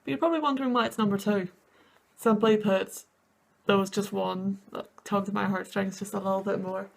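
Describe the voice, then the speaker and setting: A woman's voice: medium pitch, steady tone, a little fast, gravelly. A woman in her twenties, a student, giving rambling, emotional reaction commentary on sad film scenes. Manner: gushing, rambling, sniffly over sad scenes. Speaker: university student and video host.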